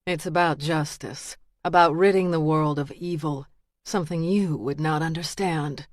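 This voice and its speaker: A woman voicing a menacing male killer who speaks in a quiet, low, deliberate way. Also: steady tone, no echo, studio quality, natural voice. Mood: cold menace. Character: menacing male killer, cold and self-righteous.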